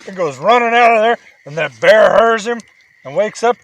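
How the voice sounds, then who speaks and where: A man telling his child a playful, animated bedtime story and chatting through a camping vlog outdoors at a lakeside campsite. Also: high voice, moderate pace, very noisy. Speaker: father and vlog host.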